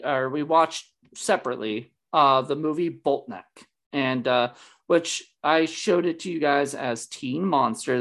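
A man hosts a casual movie podcast, talking at an average pitch. He rambles, keeps restarting sentences and leans on fillers as he goes. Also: a bit bright. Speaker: podcast host.

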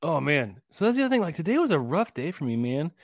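A playful man in his thirties co-hosts a podcast. His voice sits a little high and swings widely in pitch as he teases. The sound is dry and close. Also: fast talker, no echo. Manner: playful, teasing, animated. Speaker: podcast co-host. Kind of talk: casual chat.

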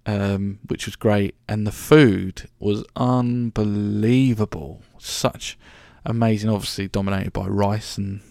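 A man in his twenties or so tells a travel story in a loose, chatty way, swearing and restarting often. His voice is lowish and gravelly. The recording is dry and close. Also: fairly even intonation, slow, hardly any pauses, darkish tone, no room sound. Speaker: podcast host. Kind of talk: casual storytelling monologue.

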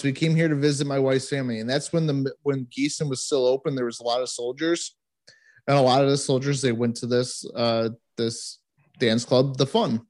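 An American man, a podcast co-host, telling a profane story in casual chat with lively energy. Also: mid-range voice. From United States. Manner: profane, animated storytelling with laughs.

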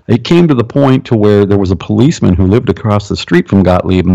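A man's voice: lowish voice, animated, a little fast, vocal fry, dark tone. A male pastor, a guest on a talk show, speaks emphatically and often checks in with "right?" The recording sounds dull and lo-fi.

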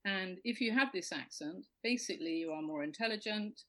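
A woman's voice: mid-range voice, fairly quick, pushed and bright, low-quality recording. An English woman, a comedian guest, telling stories on a radio chat show in a dry, self-mocking way.

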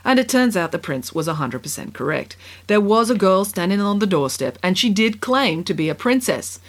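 A woman telling a comic fairy tale aloud, with wry, deadpan asides. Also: medium pitch, moderate pace. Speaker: storyteller. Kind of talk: comic storybook narration.

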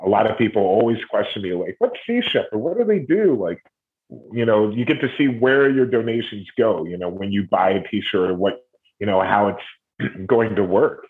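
A middle-aged man from Ohio, a documentary series host, telling stories in a rambling, animated way. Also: fairly low pitch, normal speed. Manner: rambling, animated retelling with acted quotes. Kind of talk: casual interview conversation. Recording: tinny phone-like audio.

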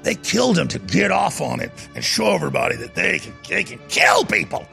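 A man hosting a talk show, ranting heatedly and shouting at times. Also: very animated, a little fast, soft background music. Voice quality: gravelly, husky voice. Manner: heated, shouting rants with wide pitch swings. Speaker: radio talk show host.

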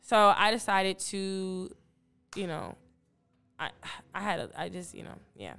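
A woman's voice: mid-range voice, big pitch swings, a little slow, vocal fry, fairly bright tone, clear, resonant tone. A young adult woman from Detroit, a podcast guest in casual chat, telling stories animatedly and acting out her own past remarks. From Detroit, Michigan.

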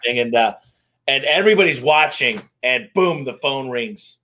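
A man who owns a service company, telling lively anecdotes in a casual interview and acting out the dialogue. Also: medium pitch. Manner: energetic, fast-moving anecdotes with acted-out dialogue. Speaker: garage door company owner, guest.

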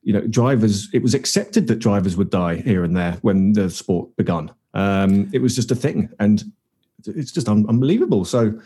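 A man's voice: fairly low pitch, animated, moderate pace, mellow, husky. A man leading a podcast panel, thinking aloud and passing questions to the other guests. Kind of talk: casual discussion.

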